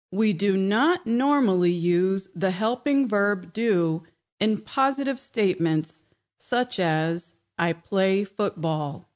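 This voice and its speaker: A woman teacher talks slowly and deliberately through a scripted language lesson. She gives each example sentence careful, clear stress, keeping her voice at a moderate middle pitch. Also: lively intonation, a little mellow. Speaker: English teacher and show host.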